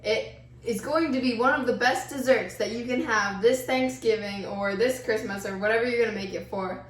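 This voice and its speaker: A woman's voice: a little high, moderate pace. A woman with a Texas accent hosting a casual cooking video in a home kitchen, bubbly and enthusiastic. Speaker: cooking vlog host. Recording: echoey kitchen with faint noise.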